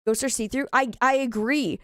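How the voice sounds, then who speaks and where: A woman's voice: high-pitched, fairly even intonation, moderate pace, dry recording, clean studio sound. A woman in her thirties chatting casually while playing a horror game, often exclaiming in frustration. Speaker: gaming streamer. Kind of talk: casual let's-play commentary.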